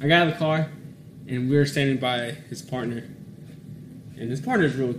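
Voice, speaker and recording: A man's voice: mid-range voice, brisk, long pauses. A young man casually telling a story, swearing freely, laughing and mimicking the people he quotes. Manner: animated, swears freely, laughs, mimics voices when quoting. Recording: roomy echo with steady background noise.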